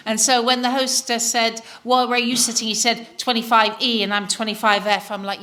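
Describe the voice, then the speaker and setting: A woman's voice: fairly high pitch, level tone, fairly quick, hardly any pauses, pushed and bright. A woman from London chairing an event, closing with remarks and a conversational anecdote full of quoted voices.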